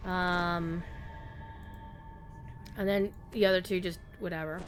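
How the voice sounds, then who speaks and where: A woman's voice: on the low side, lively intonation, drawn-out words, slight background noise. A woman streamer giving wry, chatty commentary while playing a game. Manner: chatty, wry, throat-clearing. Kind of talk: casual gameplay commentary.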